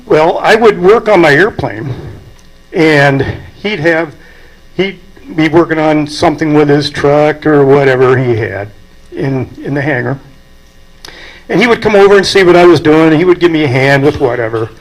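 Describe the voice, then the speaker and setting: A man's voice: fairly high pitch, moderate pace, poor audio. Folksy man telling memorial stories. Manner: folksy storytelling, chuckling at his own stories. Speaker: aviation club president giving a eulogy. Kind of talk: memorial speech anecdotes.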